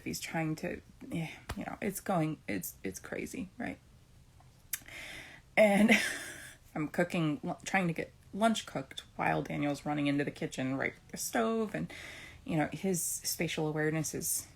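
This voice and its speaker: A middle-aged homeschooling mom chats casually about her day of homeschooling and her faith, rambling, restarting sentences and often checking in with "right?" Her voice is lowish, creaky and slightly rough.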